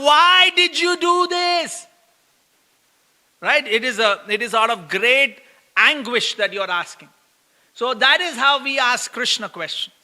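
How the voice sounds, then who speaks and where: A middle-aged man giving a lively sermon, often asking listeners "right?" and acting out complaints. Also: very high-pitched. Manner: lively storytelling, acts out quoted complaints, laughs often; asks listeners "right?" again and again. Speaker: preacher giving a scripture class. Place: temple hall. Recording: long hall reverb.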